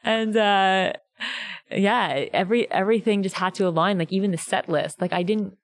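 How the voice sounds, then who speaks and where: A woman's voice: mid-range voice, quick pace. A woman in her twenties, a singer on a podcast, chatting casually and animatedly, acting out the people in her stories. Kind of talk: casual interview storytelling.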